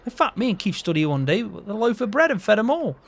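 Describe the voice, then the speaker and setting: A man's voice: sits high, very animated, fast talker, gravelly. A man playing a farm hand in a game role-play, chatting to himself and laughing often.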